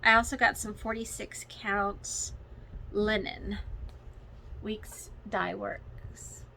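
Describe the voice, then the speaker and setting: Gushing, bright-voiced woman. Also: medium pitch, takes it slowly, creaky, a little hiss or hum, low-quality recording. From Texas. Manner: gushing and excitable, many fillers. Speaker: cross-stitch vlogger. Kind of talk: casual chat to viewers. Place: home, with children and TV in the background.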